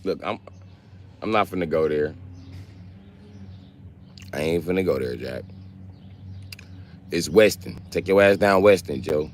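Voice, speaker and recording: A man talks in a deep, low register. He streams live and jokes with his viewers in a brash, profane, trash-talking way. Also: a little slow, pauses often, a little hiss or hum. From Milwaukee, Wisconsin. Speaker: livestreamer. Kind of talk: casual live-stream chat.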